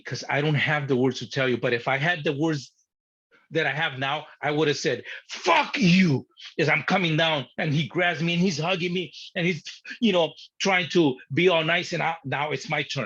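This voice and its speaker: A man tells a story from his childhood with a husky voice and plenty of energy, acting out the moments and swearing freely. The sound is dull and lo-fi. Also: on the high side, fairly quick. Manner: animated, swearing, acting out his younger self. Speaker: guest. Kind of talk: personal storytelling.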